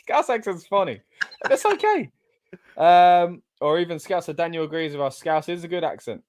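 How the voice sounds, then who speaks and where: Casting: English male co-host, fairly high voice, chatty, bursts of excitement. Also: fairly quick, clear, resonant tone. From England. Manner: excitable, chatty, loud exclamations. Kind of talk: casual watch-along commentary.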